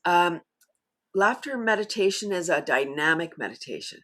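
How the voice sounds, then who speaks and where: A woman guest in a casual interview, talking enthusiastically and laughing often as she explains. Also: moderate pace. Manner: animated storyteller, bursts higher and louder when excited. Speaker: guest, laughter yoga teacher.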